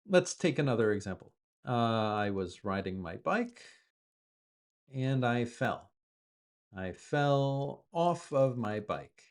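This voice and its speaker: A man's voice: medium pitch, very animated, takes it slowly. A man teaching English, explaining word use patiently with repeated examples as a native speaker. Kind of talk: explaining vocabulary from the news.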